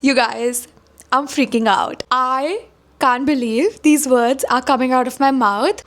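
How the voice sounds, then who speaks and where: Young woman vlogger, slightly high, gushing, excitable and chatty to camera. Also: measured pace. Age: 20s. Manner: gushing, excitable, repeats herself. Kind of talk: casual vlog chat to camera.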